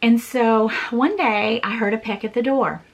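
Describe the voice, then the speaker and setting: A woman's voice: a little high, fairly even intonation, measured pace, highs cut off. A woman in her forties, a vlogger telling a personal story in an earnest, repetitive way with small laughs.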